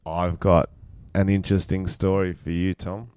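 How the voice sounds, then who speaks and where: A man co-hosting a podcast, animated and playful as he reads out odd news stories. His voice is low-pitched and smooth, clearly resonant. It is recorded close and dry. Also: normal speed, dry recording. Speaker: podcast co-host. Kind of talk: casual banter and storytelling.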